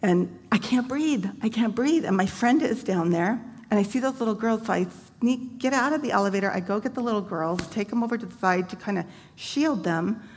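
Speaking a little fast in a mid-range voice, a woman tells her personal faith testimony, bringing events to life in a conversational way with casual fillers. There's long hall reverb and some faint background noise.

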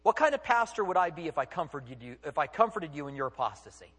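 A man's voice: fairly high pitch, big pitch swings, fast talker, fairly bright tone, slightly rough. A man preaching as a pastor, emphatic, firing off rhetorical questions and acting out what people say. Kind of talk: sermon. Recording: long reverb of a large hall.

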